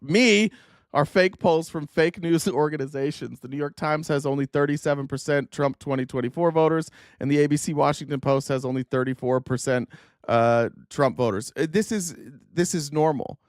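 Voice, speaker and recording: A man's voice: on the high side, clear, resonant tone, dry recording. Heated, profane male commentator, dry sound. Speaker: political commentary host. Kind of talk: ranting political commentary.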